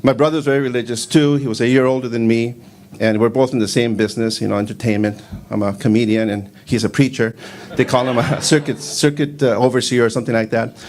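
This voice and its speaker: A man in his fifties doing a stand-up comedy set on a club stage, rambling in a deadpan way with lots of fillers. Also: mid-range voice, quick pace, slight background noise. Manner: rambling, deadpan delivery with frequent fillers, breaks into shouted Spanish quotes.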